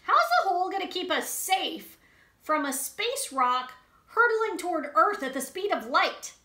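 A woman's voice: very high voice, big pitch swings, measured pace, sharp tone, pitched above the performer's own voice, exaggerated voice. A woman voicing an earnest young chick who asks questions. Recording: roomy echo.

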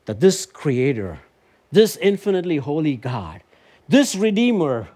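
A man delivers a sermon in a church, moving from relaxed storytelling into ringing, emphatic proclamation. His voice sits a little on the higher side. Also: unhurried. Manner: personal storytelling that builds to emphatic high-pitched preaching. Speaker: preacher. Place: church sanctuary.

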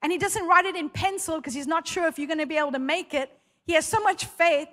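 Fervent woman preacher, high bright voice. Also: fast talker. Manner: fervent, emphatic preaching with storytelling. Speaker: pastor. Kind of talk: sermon. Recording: long hall reverb.

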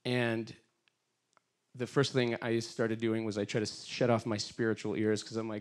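A man's voice: on the low side, little pitch movement, moderate pace. A middle-aged man, a guest speaker, telling a story and leading an earnest prayer in a sermon. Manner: earnest, storytelling with quoted voices, fervent prayer.

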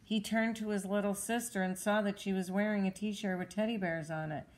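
A woman reading a children's storybook aloud at home, with clear, even, expressive narration. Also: mid-range voice, fairly quick. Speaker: storybook reader.

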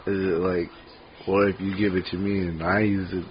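A man's voice: low voice, level tone, moderate pace. A man co-hosting a podcast, musing hesitantly in casual chat. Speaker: podcast co-host. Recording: noisy lo-fi podcast audio.

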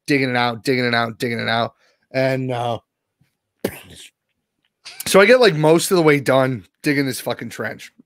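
A man's voice: medium pitch, dry recording, studio quality. A man co-hosting a podcast, telling a long story and swearing constantly. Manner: swears constantly, animated retelling. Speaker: podcast co-host. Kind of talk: casual profane storytelling.

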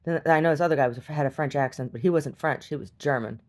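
A middle-aged woman with a notably low, deep voice talks straight to her camera in a personal video diary. She sounds worn out and resigned, and speaks bluntly with plenty of cursing. Dry little laughs break up her talk. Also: fast. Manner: weary, blunt and profane, with wry laughs. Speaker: video diarist. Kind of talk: candid video diary monologue.

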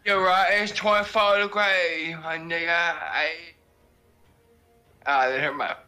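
A man's voice: on the high side, fairly even intonation, slow, pushed and bright, soft background music. A drunk man streaming a game, rambling through a profane story with lots of laughter. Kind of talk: casual gaming chat.

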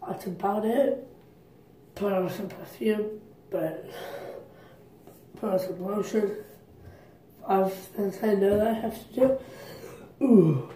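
A woman's voice: mid-range voice, takes it slowly, long pauses, warm tone, a little hiss or hum. A teenage girl rambling through her morning routine in a casual vlog, chatty and full of fillers. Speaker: vlogger. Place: bathroom at home. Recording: roomy echo, voice from a distance.

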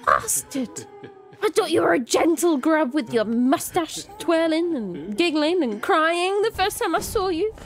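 A young woman, chatting casually while she plays a video game, giggly and quick to swear when excited. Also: extremely high pitch. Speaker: gaming video creator. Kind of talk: casual let's-play commentary.

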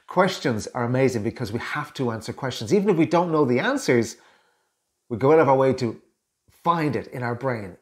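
A man's voice: medium pitch, expressive, fairly quick, a little mellow. Irish man giving chatty coaching tips. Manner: chatty, acts out both sides of small-talk exchanges. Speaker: communication coach. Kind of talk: direct-to-camera coaching tips.

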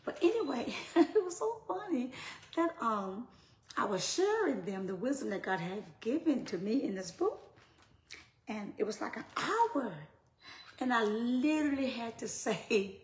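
A woman ministry leader talking casually to her followers, swinging between hushed, whispery asides and loud, laughing outbursts. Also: on the high side, animated, a little slow. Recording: roomy with faint noise.

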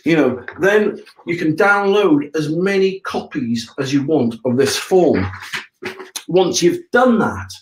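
A man's voice: fairly high pitch, animated, slow, reverberant, slight background noise, rough recording. A man hosting a casual live broadcast, explaining things step by step in a chatty way and checking in with listeners. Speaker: septic tank business owner hosting a live broadcast.

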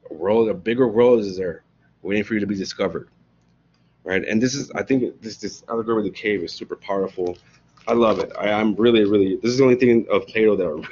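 A man teaches philosophy like he is telling a story to friends, swearing freely and leaning on "right?" to pull the class along. His voice sits low with a husky edge, and he jumps into slangy character voices when he acts out the story. The recording sounds dull and lo-fi. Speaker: philosophy lecturer. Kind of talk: casual, profane lecture retelling a story.

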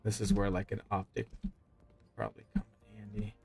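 This game streamer is a man in his thirties with a Southern American accent, speaking in a lowish, level, creaky, darkish voice at a fairly quick pace over faint music. He narrates his gameplay live, chatting casually to viewers and talking to himself.

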